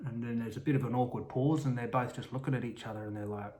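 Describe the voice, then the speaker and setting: A man's voice: mid-range voice, steady tone, quick pace, hardly any pauses, a little mellow. A man telling an improvised story in a casual, rambling way, full of restarts and asides. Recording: roomy echo.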